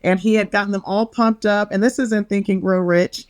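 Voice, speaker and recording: A woman's voice: medium pitch, fairly even intonation, a little fast, a little mellow, dry recording, studio quality. A middle-aged woman on a podcast, a bubbly storyteller who acts out quotes and laughs often. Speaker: podcast guest, wellness author. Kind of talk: casual interview chat.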